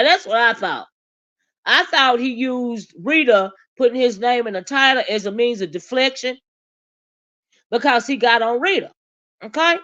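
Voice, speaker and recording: Sassy high-voiced woman livestreamer, lo-fi. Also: a bit bright. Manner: sassy, blunt, drawling with asides to chat. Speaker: livestream commentary host. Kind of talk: casual livestream commentary.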